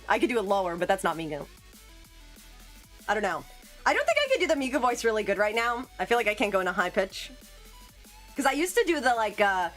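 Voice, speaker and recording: A woman's voice: high-pitched, fairly bright tone. A woman streamer chatting casually on a livestream, talkative and giggly, calling herself a yapper. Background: faint background music.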